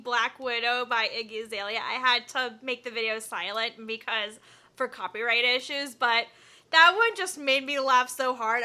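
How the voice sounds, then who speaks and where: Blunt, high, bright-voiced young woman. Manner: blunt, profane and exasperated. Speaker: YouTuber reacting to videos. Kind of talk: casual reaction commentary.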